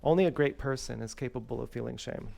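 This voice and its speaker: A man's voice: medium pitch, quick pace, creaky, dark tone. A man vlogging at home, telling a rambling, candid personal story with many fillers and restarts. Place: home kitchen.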